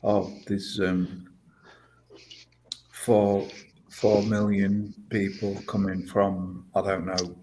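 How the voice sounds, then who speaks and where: Slow, flat-voiced man rambling. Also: low voice, slight background noise, rough recording. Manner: rambling, swears a lot, slow and emphatic. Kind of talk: casual stream chat.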